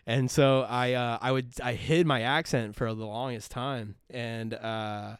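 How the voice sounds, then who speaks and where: A young man from California with a relaxed Californian accent, chatting casually as a podcast host, rambling with lots of fillers. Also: mid-range voice, unhurried, clean tone, dry recording, clean studio sound. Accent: Californian, laid-back surfer type. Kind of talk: casual chat.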